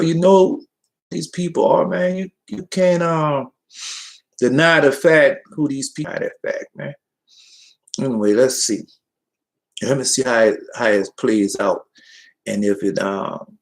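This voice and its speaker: A man's voice: mid-range voice, creaky, poor audio. A man preaching in a rambling, folksy way, talking straight to his listeners and reading scripture between tangents. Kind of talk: informal livestream preaching.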